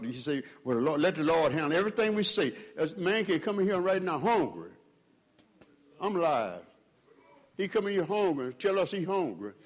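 Male pastor, fiery sermon delivery, swings between loud peaks and quiet stretches, slightly higher voice. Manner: preaching with swells in pitch and volume, calls to the congregation.

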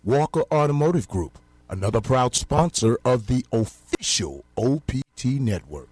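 A man announcing brief sponsor tags for the station in a steady, plain way. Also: mid-range voice, normal speed.

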